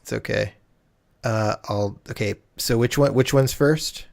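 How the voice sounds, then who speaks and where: A man's voice: mid-range voice, a little slow, creaky, a little mellow. Man at a game table asking rule questions. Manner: questioning, checks rules aloud. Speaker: player. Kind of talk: casual chat at a game table.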